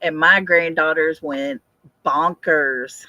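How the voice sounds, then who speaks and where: Slow, bright-voiced grandma chatting. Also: female voice, on the low side, dry recording. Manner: chatty, reads viewer comments aloud, laughs often. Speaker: livestream host. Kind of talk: casual livestream chat.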